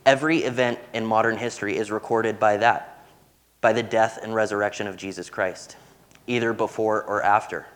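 A young man preaching a sermon, earnest and warm-humored as he tells stories. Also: fairly low pitch, fairly even intonation, moderate pace.

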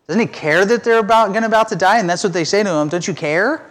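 Middle-aged guy pastor, kinda high voice, casual sermon, jokes at himself. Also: quick pace, a bit bright. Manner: conversational, self-deprecating preaching with restarts.

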